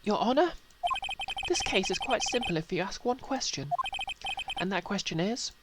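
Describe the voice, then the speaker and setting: A woman's voice: medium pitch, animated, normal speed, very noisy, pitched above the performer's own voice, lightly acted. A woman voicing a stiff, dignified male prosecutor who asks formal courtroom questions. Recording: loud game music behind.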